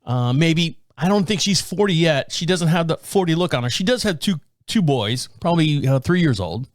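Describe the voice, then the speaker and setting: A fairly high-pitched man speaking at normal speed hosts a podcast and tells an easygoing story. He's animated, laughs frequently, and acts out the voices of the story's people, all captured in a dry recording with clean studio sound.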